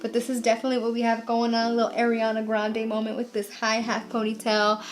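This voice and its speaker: A young woman chatting casually through a makeup tutorial, bubbly and jokey, gasping with excitement over her products. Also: a little high, fast talker. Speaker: makeup vlogger.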